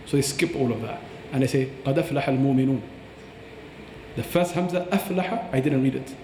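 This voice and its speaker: A man's voice: mid-range voice, brisk, darkish tone, roomy sound, in a large hall, slight background noise. A man teaching about Quran recitation on a podcast, earnest and explanatory, demonstrating pronunciations aloud.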